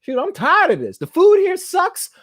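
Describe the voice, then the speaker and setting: A man's voice: very high voice, big pitch swings, fast talker, no echo, studio quality, voice pushed up. A man voicing a fed-up young man who gripes about bad food, in a raised, exasperated voice. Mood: griping. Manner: exasperated, griping.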